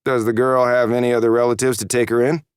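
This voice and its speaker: A man's voice: mid-range voice, little pitch movement, fast, clean tone, no room sound, studio quality, pitched above the performer's own voice, close to an everyday voice. A man reading an audiobook voices a police chief in his mid-sixties, curt and nasal. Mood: dismissive. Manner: curt and evasive.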